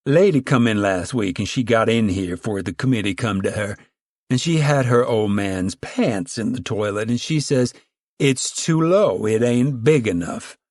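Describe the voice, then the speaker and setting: A man's voice: lowish voice, animated, measured pace, a little mellow, dry recording, studio quality. A man voicing a stern middle-aged woman who chairs a camp committee, talking in a bossy rural drawl.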